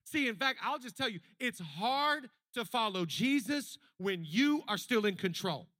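Bright-voiced male pastor preaching. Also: very high voice, expressive, measured pace, no room sound, clean studio sound. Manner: conversational preaching that builds to emphatic repetition. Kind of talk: sermon.

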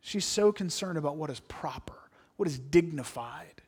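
A man preaching a sermon, reading scripture aloud and then explaining it earnestly, sometimes dropping to a hushed aside. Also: on the high side, expressive, normal speed, husky.

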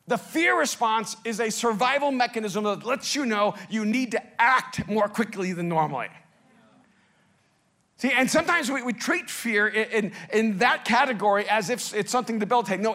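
A man from El Salvador preaching a sermon, telling stories with big swings from soft to loud. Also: sits high. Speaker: pastor.

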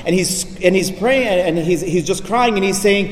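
A male priest delivering an emphatic sermon, dropping his voice low and soft on key lines. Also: moderate pace, few pauses. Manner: emphatic preaching, drops low and soft for weight. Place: church. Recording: echoey church reverb.

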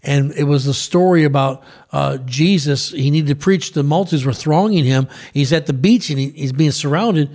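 A man co-hosting a Christian talk show, retelling a Bible story in a lively, conversational preaching manner with asides. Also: on the high side, moderate pace. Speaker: pastor co-host.

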